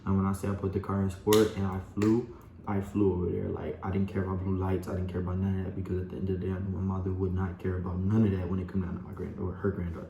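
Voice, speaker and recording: A man's voice: low voice, completely flat delivery, rapid-fire, vocal fry. A young man telling a personal story to his viewers, rambling and full of "like" and "you know". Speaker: vlogger. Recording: echoey room with faint background hum.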